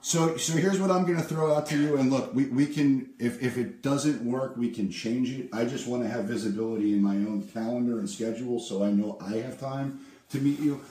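Pushy cold-calling real estate agent, echoey. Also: male voice, fairly quick. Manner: pushy, upbeat sales pitch on calls, flat asides. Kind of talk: live prospecting calls with asides.

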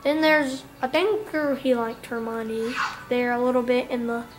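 High-pitched, slow-talking woman gaming. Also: music in the background. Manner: chatty, playful, sings and mutters to herself. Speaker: let's play gamer. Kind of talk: casual let's play commentary.

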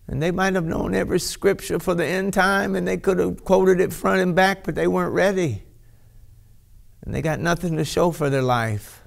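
A man preaching a sermon, speaking slowly with many restarts and breaking into ecstatic shouts of praise. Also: sits high, vocal fry. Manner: bursts into ecstatic shouts and hallelujahs; slow, halting delivery with many restarts.

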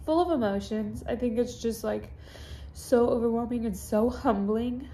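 A woman's voice: a little high, unhurried, mellow, slight background noise. A young woman vlogging into her phone with a teary, crying voice, gushing and saying "like" constantly, in a hotel room. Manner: gushing, heavy use of "like". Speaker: fitness influencer. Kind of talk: casual vlog confession.

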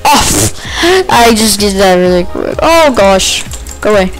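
A woman giving chatty, excitable commentary while playing a video game, with quick outbursts. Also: medium pitch, faint music behind, rough recording. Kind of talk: casual gameplay commentary.

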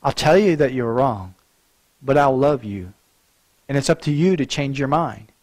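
A man's voice: mid-range voice, expressive, normal speed, darkish tone. A male pastor preaching a sermon in an earnest way, often repeating words as he restarts a thought.

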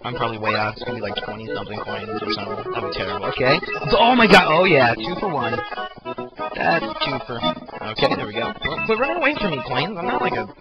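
A young man giving excitable, jokey let's play commentary with sudden shouty outbursts, recorded on a cheap home mic. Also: mid-range voice, quick pace. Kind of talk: gameplay commentary. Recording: dull lo-fi mic, loud game music.

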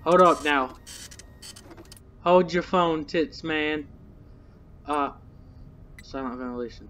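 Young male gamer, nervous, swears a lot, slightly high voice, unhurried delivery for a scared streamer. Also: fairly bright tone, slight background noise. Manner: jittery, swearing, muttering nervously to himself. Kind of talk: horror game commentary.

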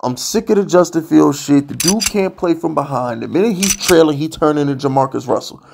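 A man with a rough, fry-laced voice delivers a heated sports rant as a vlogger. His pitch sits a little high. He is blunt, profane and plainly fed up. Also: a little fast, background noise. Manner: blunt, profane, exasperated ranting.

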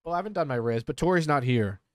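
A male streamer chatting casually and excitedly while playing a game, often swearing when surprised. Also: a little high, fast talker, no room sound, clean studio sound. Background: game music.

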